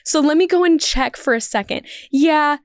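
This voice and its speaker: A woman's voice: high voice, no echo, clean studio sound, voice pushed up, natural voice. A woman voicing a rambling, overly apologetic counter worker at a bagel shop. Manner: gushing, apologetic, drawn-out.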